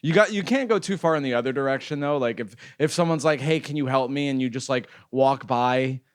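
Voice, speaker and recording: A man's voice: mid-range voice, fairly quick, clear, resonant tone, dry recording. Man telling stories in dry podcast chat. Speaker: comedian guest. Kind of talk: casual comedic chat.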